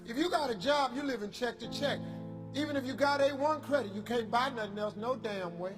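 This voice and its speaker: A man gives a motivational speech in the fervent, colloquial cadence of a preacher, speaking a little fast. His high voice rings through a reverberant hall as music plays underneath.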